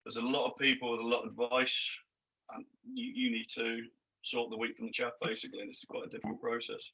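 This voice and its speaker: A man speaks in a flat, steady tone. His voice is bright and forceful. He talks in a plain, matter-of-fact way about his job interviews. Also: mid-range voice, quick pace, low-quality recording. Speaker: ex-military panel guest. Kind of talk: casual career advice chat.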